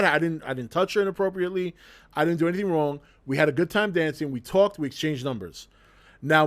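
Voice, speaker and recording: A man casually telling a story to his livestream chat, laughing often and swearing freely as he acts out the scene. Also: a little high. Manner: laughs often mid-sentence, swears freely, animated retelling.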